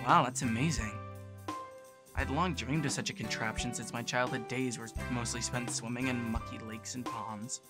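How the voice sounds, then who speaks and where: A man reading a visual novel aloud in the first person, narrating in a casual, low-key way. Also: steady tone, moderate pace, over music.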